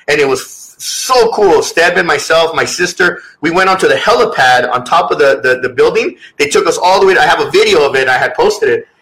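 A man's voice: a little high, expressive, a little fast, few pauses, a bit bright, rough recording. A man talking as a guest author in a casual interview, earnest and rambling, with many restarts.

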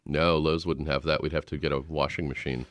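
A man who is a guest comedian on a podcast, talking in a mild, low-key way with plenty of ums. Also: level tone, a little fast, a bit bright, no echo. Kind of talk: casual chat.

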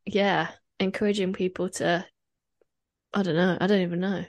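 This podcast co-host is a young woman whose lowish voice comes out flat on a dry recording. Still, her casual chat is easygoing and teasing, and she's quick to laugh.

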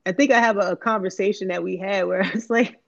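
A woman's voice: mid-range voice, fairly even intonation, brisk, vocal fry. Woman, podcast co-host, casual chat, blunt, profane, slangy, muffled lo-fi sound. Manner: candid, profane, rambling with many "like"s and slang. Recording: muffled lo-fi recording.

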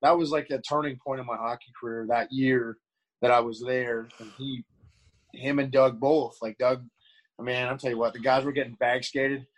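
A middle-aged man talks with a mid-range pitch, sharing candid stories. He rambles, restarting sentences and leaning on fillers. Now and then he acts out the voices of people in his stories. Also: little pitch movement, normal speed, poor audio. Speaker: guest, former pro hockey player. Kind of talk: casual storytelling.

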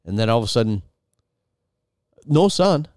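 Animated man telling a dramatic story. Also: mid-range voice, normal speed, no echo, studio quality. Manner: animated, dramatic retelling with restarts. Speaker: podcast host. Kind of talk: storytelling to his wife.

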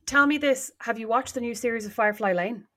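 A woman's voice: on the high side, a bit bright. A woman in her thirties co-hosting a podcast with her sister, dry and teasing in casual chat. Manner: teasing, dry, fast-talking. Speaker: podcast co-host.

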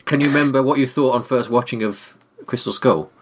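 Guy hosting a film podcast, rambly, lots of "isn't it", mid pitch. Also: fairly quick, breathy edge. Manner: rambling, hesitant, many tag questions. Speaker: podcast host. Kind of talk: casual chat.

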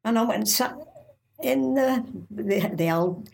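An older woman recounts her memories in a halting, stop-start way, often breaking off and starting again. Her voice sits a little high for a woman and has a gravelly, creaky edge. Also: a little mellow, a little hiss or hum. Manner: halting, with many restarts and pauses. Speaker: interviewee. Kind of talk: oral history recollection.

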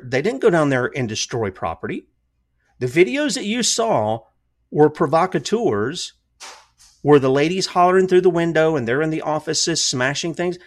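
Guy hosting a political commentary show, bit high voice, emphatic, tons of rhetorical questions.

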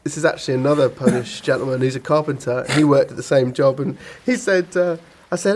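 A man's voice: medium pitch, brisk, few pauses, a little mellow, slight background noise. A man on a podcast, telling rambling stories in casual chat and often laughing. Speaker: podcast co-host.

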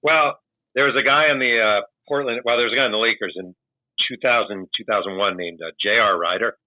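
A man with a fairly low voice tells animated stories in a relaxed, chatty way. He slips into the voices of the people he quotes. The sound is dry and tinny, like a remote call line. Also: a little fast, dry recording. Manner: animated anecdotal storyteller, acts out quotes. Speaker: author guest. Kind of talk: casual storytelling.

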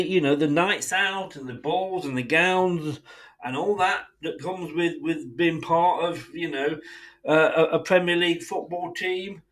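Fired-up, high-voiced Englishman ranting. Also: unhurried, fairly bright tone, low-quality recording. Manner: indignant, sweary, speaks straight at the club owners. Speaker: football fan podcast host. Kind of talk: solo podcast rant.

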